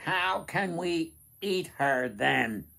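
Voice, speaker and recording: A man's voice: lively intonation, very slow, creaky, sharp tone, full character voice. A man doing shrieking hungry goblins. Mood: eager. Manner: shrill, chanting, repeating words.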